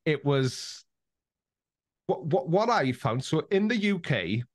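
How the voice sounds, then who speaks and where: A Welsh man chatting as a podcast guest, telling anecdotes with lively energy and frequent restarts. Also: fairly high pitch, slow pace, dry recording, studio quality. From Wales. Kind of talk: casual interview chat.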